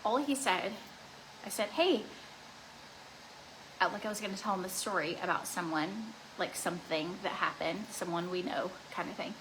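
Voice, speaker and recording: A woman's voice: lowish voice, moderate pace, background noise. A young woman chatting casually while doing her makeup at home, rambling with lots of "like" and restarts. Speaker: beauty vlogger.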